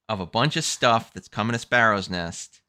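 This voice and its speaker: A man hosting a casual livestream chat, animated, repeating himself and laughing often. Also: on the low side, normal speed, crowd noise. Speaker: host.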